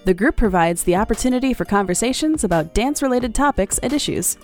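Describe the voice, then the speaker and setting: Lively woman reading a podcast intro. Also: fairly high pitch, fast talker, soft background music.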